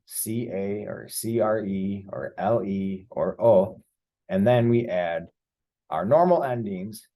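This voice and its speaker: A man's voice: sits low, dark tone. A man teaching a Spanish grammar lesson over a screen share, explaining each step patiently with the odd filler.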